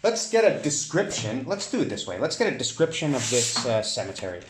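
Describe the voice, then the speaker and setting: A man narrating a solo tabletop game, thinking aloud with many pauses and fillers. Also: medium pitch, sing-song, reverberant, a little hiss or hum.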